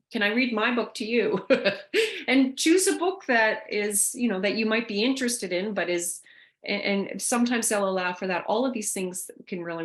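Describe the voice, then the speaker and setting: A woman presenting a caregiver workshop, talking loosely with fillers and restarts. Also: mid-range voice. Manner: conversational, thinks aloud with fillers and restarts. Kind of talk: online workshop talk.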